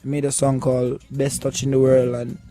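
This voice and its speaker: A man's voice: medium pitch, monotone, moderate pace, mellow, soft background music. A man with a Jamaican accent, a musician guest telling his story in a laid-back way, often asking "you know what I'm saying". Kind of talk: casual interview talk.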